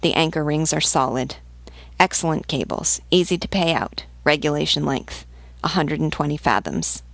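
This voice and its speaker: A woman voicing a brisk, loyal male naval officer giving a report. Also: low voice, vocal fry, dry recording.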